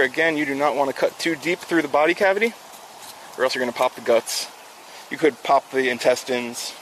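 A man from South Florida runs an outdoor fishing livestream, giving casual instruction and talking with his chat while he works. Upbeat and chatty, he has a medium-pitched, fairly bright voice, with slight background noise.

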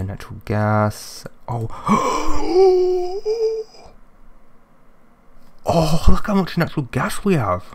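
A young man giving chatty let's-play commentary, thinking aloud and getting excitable. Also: lowish voice. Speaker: gaming commentator.

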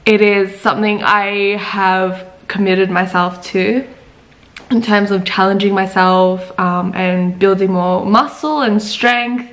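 A woman's voice: mid-range voice, fairly even intonation, takes it slowly. A young woman, chatting casually to camera in a vlog, giggly and full of "like" and "literally". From Australia. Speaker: vlogger.

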